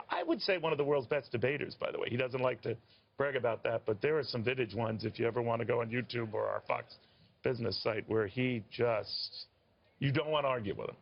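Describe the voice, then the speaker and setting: A male TV news host in a medium voice, chatting through a live interview. He builds things up dramatically and drops quick quips, and the audio is dull and lo-fi. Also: mid-range voice, vocal fry.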